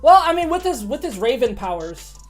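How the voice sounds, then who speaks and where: An excitable woman streamer with a somewhat high voice, talking casually over a game. She swears freely and laughs a lot. Quiet music runs in the background. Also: fairly quick. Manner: excitable, profane, laughing often. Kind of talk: casual gaming commentary.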